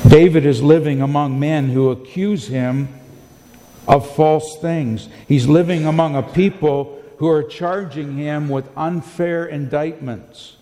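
A male pastor preaching a sermon in a deliberate, emphatic way, posing rhetorical questions to his congregation. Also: fairly high pitch, fairly even intonation, darkish tone. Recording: long hall reverb.

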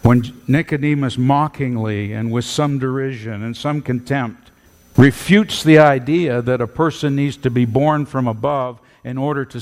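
A male pastor preaching a sermon with emphatic, animated delivery in a church. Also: mid-range voice, vocal fry. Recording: long hall reverb.

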